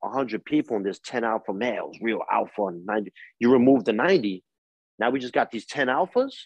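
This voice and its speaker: A man's voice: medium pitch, animated, brisk, gravelly, husky, no echo, lo-fi sound. A man in his forties with a New York accent, a coach telling hard-won life lessons in a podcast interview, emphatic and street-wise. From East New York, Brooklyn. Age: 40s. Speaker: guest, coach.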